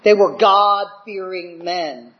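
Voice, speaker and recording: A man's voice: sits high, slow. An older man preaching a sermon with fervent, emphatic delivery that builds to dramatic swells. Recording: dull lo-fi recording.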